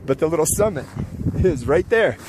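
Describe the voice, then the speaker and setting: A man telling an emotional story outdoors on a mountain summit, earnest and halting, often repeating himself. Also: fairly high pitch, lively intonation, noisy background. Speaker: vlogger.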